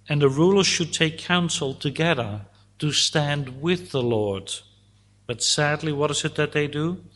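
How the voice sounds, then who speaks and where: A man preaching a sermon, teaching slowly and deliberately through a psalm and voicing God's words at times. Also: on the high side, bright, forceful tone.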